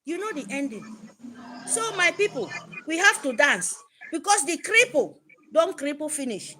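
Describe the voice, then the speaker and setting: Fervent Nigerian woman, high lively voice. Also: moderate pace, noisy background. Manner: fervent, emphatic, repetitive. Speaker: activist speaker. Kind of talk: impassioned address to supporters.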